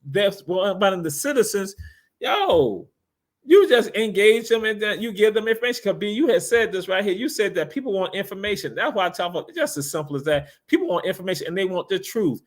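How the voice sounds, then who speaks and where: Give me a man with a high voice, hosting a live talk show in a preachy, animated way. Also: brisk. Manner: animated, preachy, repeats himself. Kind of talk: casual live-stream talk.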